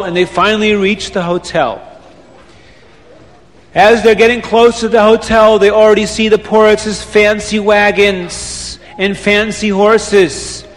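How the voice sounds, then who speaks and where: An animated male storyteller with a high voice retells a folk tale, repeating phrases for effect. His voice trails off in a long reverb. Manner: animated, repetitive, sprinkles Yiddish words. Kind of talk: oral storytelling.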